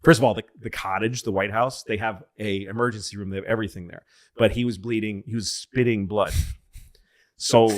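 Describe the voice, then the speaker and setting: A man on a comedy podcast telling a long rambling story in casual chat, profane and loose, breaking into loud excited bits. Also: fairly low pitch, fairly quick. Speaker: podcast co-host.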